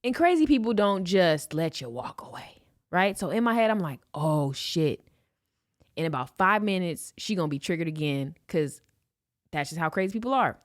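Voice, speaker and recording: A man's voice: a little fast, no room sound, clean studio sound. A young man from Los Angeles, a podcast co-host telling a story in casual chat, swearing freely and acting out quotes. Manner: animated storyteller, swears freely, acts out quotes with big pitch jumps.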